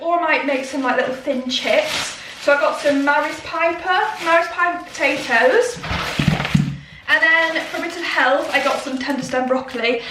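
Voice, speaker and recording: A woman's voice: high voice, very noisy. A woman, chatting bubbly and casually in a vlog, with giggly asides. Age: 20s. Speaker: vlogger. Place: large indoor shopping centre. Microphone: phone held at arm's length.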